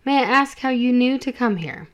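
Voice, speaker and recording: A woman voicing a shrewd, friendly woman who runs a house, speaking in a knowing, brisk way. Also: fairly high pitch, animated, close to an everyday voice.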